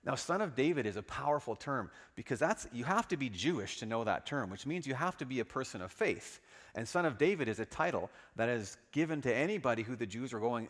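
Male pastor, animated sermon delivery, mid-pitched, long church-hall reverb. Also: brisk. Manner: lively, dramatic storytelling.

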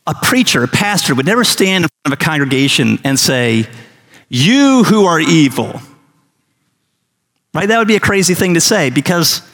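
A middle-aged man preaching a sermon in a slightly high, gravelly voice. He presses his listeners with earnest questions and acts out little everyday scenes. The sound carries a long hall reverb. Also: fairly bright tone. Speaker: pastor.

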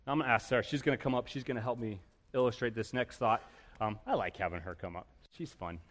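A man preaching a sermon as pastor, animated and storytelling, with humor and rhetorical questions. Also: mid-range voice, fast talker. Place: church sanctuary. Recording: long reverb of a church hall.

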